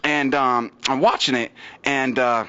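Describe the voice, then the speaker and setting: A young man doing open-mic stand-up comedy, casually telling stories, repeating "you know what I mean", with big pitch swings on punchlines. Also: fairly even intonation, measured pace, bright, forceful tone, smooth. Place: small venue at an open mic, in front of an audience. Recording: muffled lo-fi live recording.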